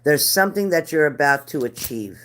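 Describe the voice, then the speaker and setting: A woman's voice: low voice, lively intonation, a little fast, a bit bright. A middle-aged woman reading spirit cards live for viewers, chatty and earnest, repeating their names. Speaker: card reader.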